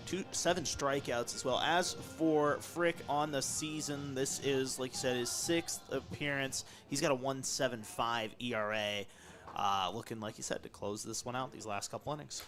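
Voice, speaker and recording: A man adds color commentary to a live baseball broadcast from the press box. He talks in a relaxed way, reeling off pitching numbers. His voice sits at an ordinary pitch for a man. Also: normal speed, over music. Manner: relaxed, stat-heavy analysis.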